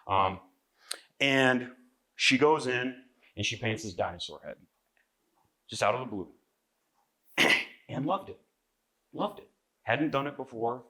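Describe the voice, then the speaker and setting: Bright-voiced man presenting a seminar. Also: medium pitch, takes it slowly, long pauses. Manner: conversational, frequent "right?" to the audience, clears throat. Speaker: magazine editor presenting a seminar. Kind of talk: live seminar talk to an audience. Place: convention seminar room.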